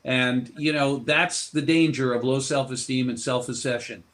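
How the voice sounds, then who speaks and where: A man's voice: mid-range voice, level tone, moderate pace, a bit bright. A man appearing as a guest author in an interview, telling anecdotes in a broad, expansive way. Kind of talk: interview storytelling.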